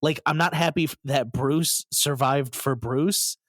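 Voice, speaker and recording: A man's voice: medium pitch, unhurried, a bit bright, no echo, clean studio sound. A man co-hosting a casual podcast chat, enthusiastic and emotional, often stumbling over his words. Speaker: podcast co-host.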